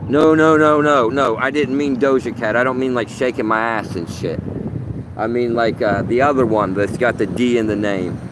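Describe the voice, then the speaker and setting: A man livestreaming outdoors in a rambling, profane, animated monologue. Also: on the low side. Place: outdoors under open sky. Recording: wind noise on the mic.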